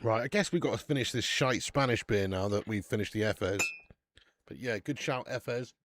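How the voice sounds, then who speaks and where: Chatty football watch-along host. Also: male voice, lowish voice, normal speed, fairly bright tone. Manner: chatty banter, swears freely, calls everyone mate. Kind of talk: casual live football watch-along chat.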